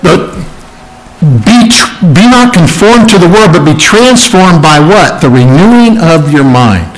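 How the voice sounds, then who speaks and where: Man, pastor, sermon, fairly high voice, emphatic, explains scripture line by line. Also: lively intonation, measured pace, poor audio. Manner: explains scripture verse by verse, asks questions.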